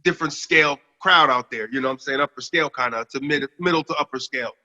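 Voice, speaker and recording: A man's voice: fast talker, pushed and bright, big-room sound, lo-fi sound. A young man from the US Northeast, cohosting a podcast in casual chat, telling a story with plenty of laughs and swearing. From Northeast United States. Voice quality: baritone.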